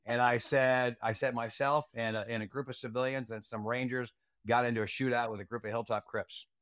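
A man's voice: mid-range voice, fairly even intonation, a little fast, fairly bright tone, clean tone, dry recording, clean studio sound. A man recounting a night from his Army days as an interview guest, blunt, profane and heated. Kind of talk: casual storytelling interview.

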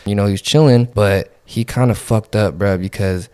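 Young male podcast co-host, lowish voice, relaxed slangy storyteller, dry close sound. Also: normal speed, clear, resonant tone, dry recording. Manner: laid-back slangy narration with many fillers. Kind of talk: casual chat, storytelling.

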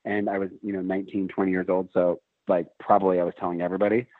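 A man's voice: low voice, little pitch movement, rapid-fire, no echo. A man in his forties, a guest in a casual chat, telling a long story with lots of restarts and fillers. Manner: rambling, many restarts and "like". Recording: tinny phone-line sound.

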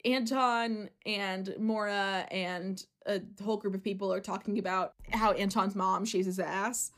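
A woman's voice: medium pitch, steady tone. A young adult woman hosting a podcast, recapping a reality show in casual chat. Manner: recaps quickly, acts out quoted cast members.

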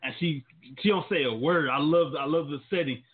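Man, slightly higher voice, rambling, slangy, casual chat, tinny phone-line sound. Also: a little fast, background noise. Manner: loose, rambling storytelling, slangy.

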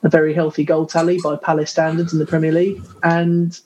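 A man on a podcast panel, giving measured, thoughtful answers full of small hesitations. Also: on the high side, flat delivery, darkish tone, dull audio, slight background noise. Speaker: podcast co-host. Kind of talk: casual chat.

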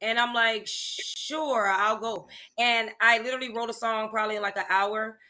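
A woman, a music teacher and songwriter, chatting in an interview and telling animated stories with laughter. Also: fairly high pitch, fast talker. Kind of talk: casual interview chat.

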